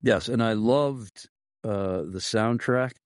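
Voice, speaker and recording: A man's voice: lowish voice, slow pace, no room sound, clean studio sound. A man hosting an interview, asking questions and announcing a break. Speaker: host. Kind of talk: radio-style interview hosting.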